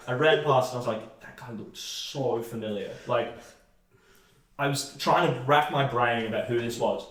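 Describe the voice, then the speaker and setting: A man's voice: mid-range voice, a bit bright. A young man co-hosting a podcast, telling a story in casual chat with lots of fillers and restarts. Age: young adult. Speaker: podcast co-host. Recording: echoey room.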